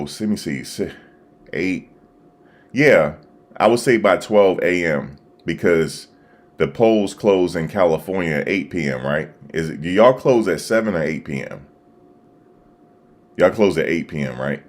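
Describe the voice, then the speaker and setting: A man hosting a live stream, talking casually and excitedly to his viewers, repeating himself as he reacts. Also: sits low. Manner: animated, repetitive, talking to chat viewers. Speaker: livestream host. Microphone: desktop USB microphone.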